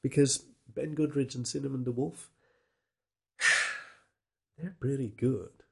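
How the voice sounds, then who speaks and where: Man, podcast host, casual sign-off, wry, rambling, gravelly. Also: mid-range voice, fairly even intonation, takes it slowly, a bit bright. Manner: wry, self-mocking, rambling.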